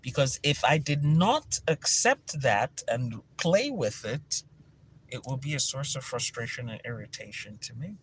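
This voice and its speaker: A man with a Nigerian accent, a spiritual teacher telling stories to viewers in a lively, energetic way with bursts of laughter. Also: medium pitch, a little slow, slight background noise. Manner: energetic, animated storytelling with laughter. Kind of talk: casual teaching talk to viewers.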